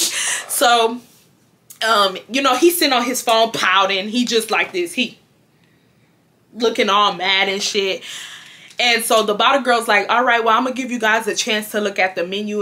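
A woman, telling a storytime to her viewers in an animated, laugh-filled way, swearing freely. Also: on the high side. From Houston, Texas. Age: 20s. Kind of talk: casual storytime.

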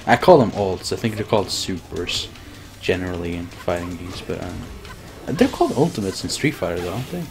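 A man streaming himself playing a fighting game, chatting casually, swearing and laughing, with bursts of excited shouting. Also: sits low, brisk, gravelly, over music. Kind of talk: casual gameplay commentary.

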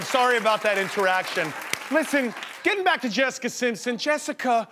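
A young man hosting a comedy show, telling jokey stories in an animated way and laughing through them. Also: high-pitched, fast talker, a faint crowd, a little hiss or hum. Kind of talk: comedic monologue.

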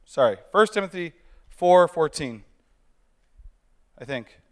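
A man's voice: a little high, expressive, slow. A man reading scripture aloud at a church service, plain-spoken, losing his place and correcting himself.

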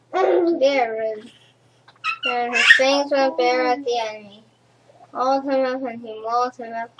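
A woman reading a rhyming children's storybook aloud, in a slow rhythmic way with occasional stumbles. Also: sits high, slight background noise, low-quality recording. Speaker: storybook reader.

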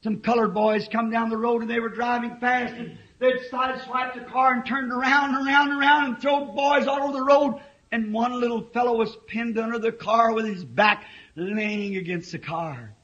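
Fiery preacher in his fifties, a man with a strikingly high voice, dull old tape recording. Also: steady tone, normal speed. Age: 50s. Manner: impassioned, swings to shouting. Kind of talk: fiery sermon.

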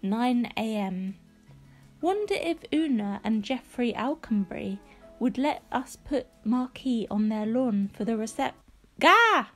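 A woman narrating a first-person diary audiobook in a clipped, wry, deadpan way. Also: on the high side, measured pace, faint music behind.

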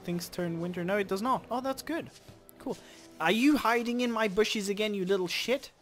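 A man commenting on his game as he plays, chatting casually, cursing at creatures and bursting into loud shouts. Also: high-pitched, moderate pace, faint music behind. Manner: animated, swears at game creatures, sudden loud outbursts. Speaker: let's play host.

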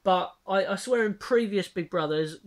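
A man's voice: sits high, moderate pace. Young guy, vlog reviewer, blunt sweary rants, mocking and rambling. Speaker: vlogger reviewing a TV show. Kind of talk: casual ranting commentary.

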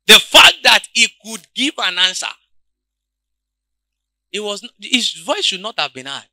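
A man preaching a sermon, calling out questions to the congregation and swinging between quiet, low passages and loud shouts. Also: big pitch swings, a little slow, long pauses, dry recording. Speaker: pastor.

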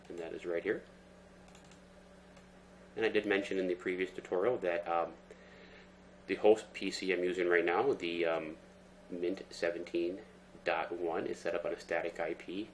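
Low-voiced guy doing a step by step tech tutorial, laid back, lots of ums, faint hiss and keyboard clicks behind. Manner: relaxed step-by-step explaining with fillers. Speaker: tutorial presenter. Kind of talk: screen-recorded tech tutorial.

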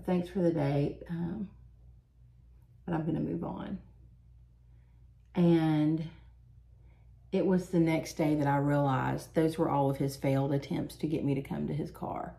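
A woman's voice: deep voice, creaky. A woman, chatting and laughing as she tells stories while doing her makeup. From Southern United States. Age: 40s. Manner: chatty, animated, quick to laugh. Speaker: beauty vlogger.

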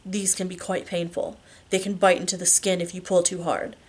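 A woman voicing an intense, commanding young husband in a low, hushed murmur while reading a romance novel aloud. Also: flat delivery, a little fast, slightly rough.

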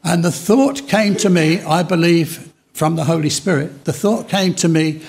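High, gravelly older man preaching. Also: darkish tone. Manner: storytelling, dramatic slow pauses. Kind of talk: sermon testimony.

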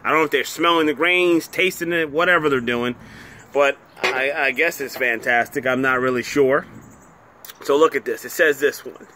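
A man's voice: mid-range voice, moderate pace, bright, forceful tone, slight background noise. A man from New Jersey, hosting his own whisky review channel, talking in a chatty, rambling, self-deprecating way. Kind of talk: casual home video review.

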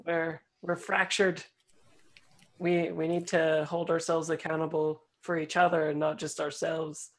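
A player voicing a heartfelt guard mouse leader who rallies the patrol in earnest, halting speeches. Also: medium pitch, flat delivery, lightly acted. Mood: rallying. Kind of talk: tabletop role-play.

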